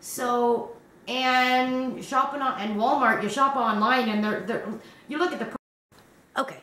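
A woman's voice: high-pitched, measured pace, bright, forceful tone. A woman hosting a crochet video, chatting casually, rambling and laughing often. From Canada. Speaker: crochet channel host. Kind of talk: casual chat. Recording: roomy, distant mic.

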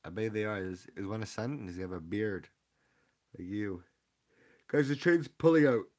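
A young man streaming live as he opens card packs, chatting casually and rambling excitedly as he gives shout-outs to viewers. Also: on the low side, normal speed. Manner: excitable, rambling, hypes up the audience.

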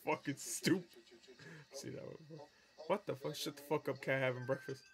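A man's voice: fairly high pitch, unhurried, creaky, a little mellow, soft background music. A man hosting a meme reaction video, laughing often, swearing freely and talking back at the clips. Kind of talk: casual reaction commentary.

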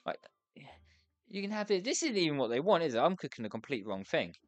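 A woman rants through her let's play commentary, flustered and swearing at everything that goes wrong. Her voice leaps up and down in pitch, and the recording is dry with no room sound. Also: big pitch swings, fast, dry recording, faint music behind. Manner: exasperated, swearing, ranting at the game; stressed and flustered. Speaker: gamer playing a restaurant sim.

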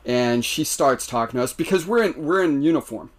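An American man telling stories on a podcast, animated and laughing, with many restarts. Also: medium pitch, brisk. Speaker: podcast guest. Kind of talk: casual storytelling.

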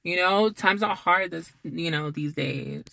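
Slow, bright woman with a gravelly voice. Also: fairly low pitch, slight background noise. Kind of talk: casual livestream chat.

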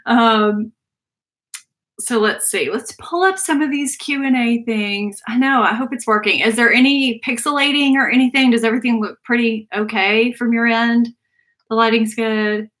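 A woman's voice: a little high, moderate pace, fairly bright tone. A woman, chatting casually on a livestream from a small home office, laughing and sighing often. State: out of breath. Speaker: livestream host.

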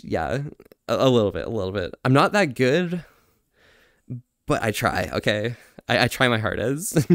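Man, casual streamer, laughs a lot, halting french bits, dry close sound. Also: medium pitch, no room sound. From Canada. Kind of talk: casual livestream chat reading viewer messages.

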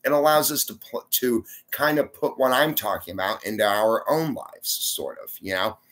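A sleepy man talks to the camera in a rambling, folksy vlog, saying "y'all." His mid-range voice is animated and a bit bright, moving at normal speed.

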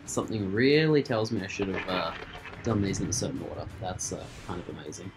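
A man's voice: sits low, fairly quick, over music. A man giving playful, joking commentary while he plays a video game for his channel. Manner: playful, laughs and jokes while playing. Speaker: gaming channel host. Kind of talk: casual let's-play commentary.

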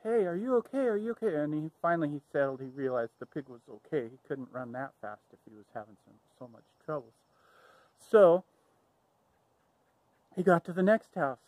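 A man's voice: fairly high pitch, moderate pace, darkish tone, no room sound, poor audio. Playful, rambling male storyteller. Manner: rambling, playful, self-correcting. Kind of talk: improvised storytelling.

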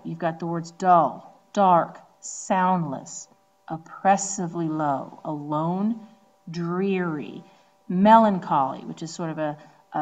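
A woman teacher from the Northeastern United States lectures in a relaxed, conversational way. Her voice sits somewhat low for a woman. She often pauses on ums and slows down to lean on important words. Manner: conversational explaining with frequent ums. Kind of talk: recorded classroom lecture.

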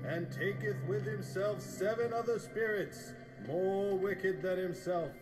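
A man voicing a solemn scripture reader in a horror game, reading slowly. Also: high voice, darkish tone, soft background music, poor audio.

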